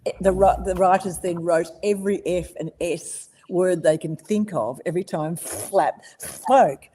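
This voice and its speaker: An older Australian woman in her seventies, chatting as a guest in an interview. Her voice sits low, and she tells her stories with lively energy and frequent laughter. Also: unhurried, a little hiss or hum. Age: 70s. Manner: lively storyteller, laughs often. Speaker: voice actress guest. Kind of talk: casual interview chat.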